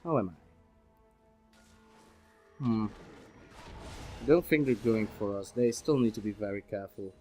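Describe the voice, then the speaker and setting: A man's voice: on the low side, unhurried, long pauses, warm tone. A man giving casual, rambling commentary over his own gameplay, with self-deprecating asides. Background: faint background music.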